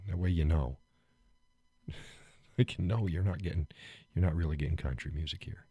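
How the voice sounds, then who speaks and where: A man's voice: low-pitched, moderate pace, warm tone, slightly rough, no echo. A man hosting a live stream, chatting casually, joking, laughing often and getting worked up as he rants.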